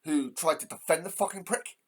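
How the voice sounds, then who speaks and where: A man's voice: fairly high pitch, a little fast. An English man hosting a heated, profane ranting monologue. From England. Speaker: host.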